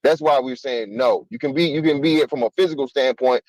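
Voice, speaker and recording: A man's voice: mid-range voice, fairly quick, darkish tone, dry recording, rough recording. A man arguing his point in a heated casual debate, cutting in and repeating himself. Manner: insistent, repeats himself to hold the floor. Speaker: panelist.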